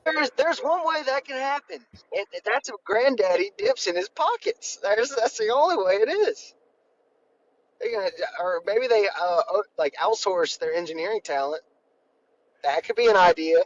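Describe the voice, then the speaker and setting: Animated high-voiced man on a dull mic. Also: moderate pace. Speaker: podcast co-host. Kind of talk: casual chat.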